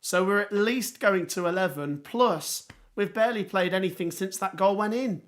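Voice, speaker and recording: A man hosting a live football watchalong, hoarse with his voice going, reacting in excited exclamations. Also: high-pitched, normal speed. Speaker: livestream watchalong host.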